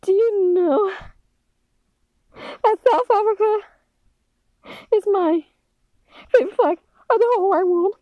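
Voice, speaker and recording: Brief: woman, amateur fan-line reading, high voice, dry close sound, excitable and dramatic. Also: slow, pauses often, no room sound, rough recording. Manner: excitable and dramatic, jumping between loud squeals and low mutters.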